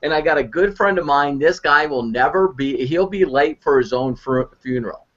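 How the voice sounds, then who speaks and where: Man, storytelling mentor, fairly high voice, animated, stumbles and repeats, muffled call audio. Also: moderate pace. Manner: animated, repeats words while speaking. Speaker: online marketing mentor. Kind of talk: storytelling on a live video conference. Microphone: video call.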